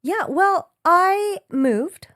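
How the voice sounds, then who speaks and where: A woman co-hosting a podcast in casual chat, telling stories in an animated, blunt way and swearing freely. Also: extremely high pitch, very slow, dry recording, clean studio sound. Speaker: podcast co-host.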